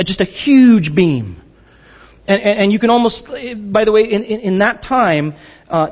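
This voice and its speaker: Guy pastor giving a sermon, jokey and animated, high voice, kinda muffled lo-fi audio. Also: in a large hall. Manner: animated and joking, acts out quoted voices.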